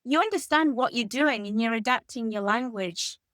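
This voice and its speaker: Animated English woman telling stories. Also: on the high side, normal speed, no room sound. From England. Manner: animated anecdotal storytelling. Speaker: guest author. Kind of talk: conversational interview.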